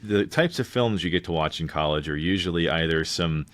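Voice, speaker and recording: Deep-voiced rambling male podcast co-host. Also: fairly quick, fairly bright tone, dry recording. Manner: rambling, many restarts. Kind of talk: casual movie review chat.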